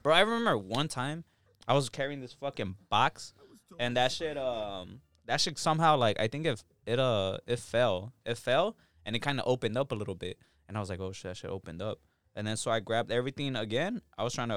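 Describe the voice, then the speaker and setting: A man's voice: medium pitch, fairly bright tone, smooth, dry recording, clean studio sound. A man who works as a delivery driver, ranting in casual chat with coworkers and swearing a lot. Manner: profane, ranting.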